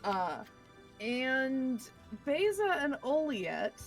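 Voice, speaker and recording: A woman's voice: high-pitched, sing-song, drawn-out words, soft background music. A woman narrating a tabletop game as dungeon master, hesitant with many fillers and casual swearing.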